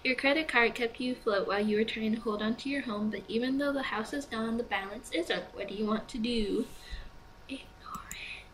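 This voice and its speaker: A woman's voice: on the high side, a little fast, few pauses, a bit bright, a little hiss or hum, poor audio. A young woman playing a choice-based game, reading the prompts aloud and chatting through her decisions, sleepy and yawning. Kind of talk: let's play commentary.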